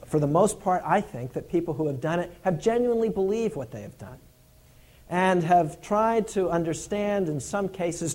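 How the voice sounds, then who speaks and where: Earnest man preaching a sermon. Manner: earnest, emphatic, repeats key points; drops to a low, hushed tone for stories.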